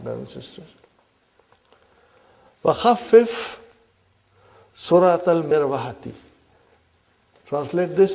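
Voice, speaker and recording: Gravelly, slow-talking Arabic teacher. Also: male voice, a little high, darkish tone. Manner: frequent questioning "huh?" tag, repeats "brothers and sisters". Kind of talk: classroom lesson.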